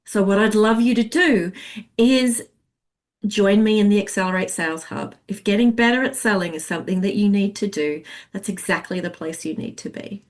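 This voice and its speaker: A woman sales coach teaching a masterclass, chatty and expressive. She talks at an ordinary pitch and acts out little client voices as she goes. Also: moderate pace.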